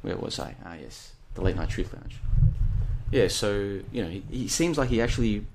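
Male solo show host, low-ish voice, loose and rambling, casual chat. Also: expressive, normal speed, darkish tone, a little hiss or hum. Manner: rambling, chatty, digressive; reads out listener comments. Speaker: podcast host.

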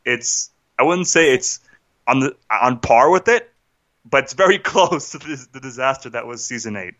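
Fuming man ranting about a film, bright tone. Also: mid-range voice, highs cut off. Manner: agitated, restarts, rhetorical "right?". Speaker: podcast co-host. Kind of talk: casual film rant.

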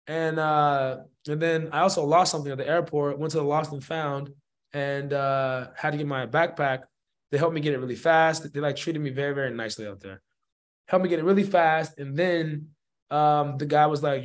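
Man, musician guest, slangy, rambling, animated storytelling, somewhat high voice. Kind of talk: casual storytelling.

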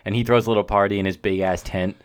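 A man's voice: on the low side, fairly even intonation, fast, clean tone. A young man co-hosting a podcast, laid-back and blunt, swearing freely as he chats. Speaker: podcast co-host. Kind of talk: casual chat.

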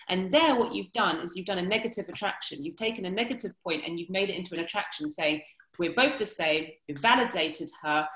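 Woman dating-coach type, frank and animated, acts out quotes, echoey room. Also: medium pitch, fast talker. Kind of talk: casual podcast chat.

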